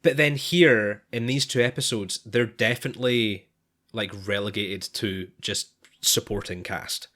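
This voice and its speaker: Male podcast co-host, lowish voice, halting casual delivery with restarts. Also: sharp tone. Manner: hesitant, lots of restarts and sighs. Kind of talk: casual chat.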